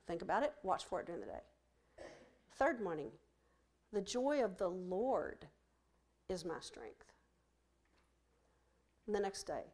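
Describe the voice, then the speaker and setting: A woman leading a Bible study for women, teaching in a lively, emphatic way and repeating phrases for stress, then closing in prayer. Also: medium pitch.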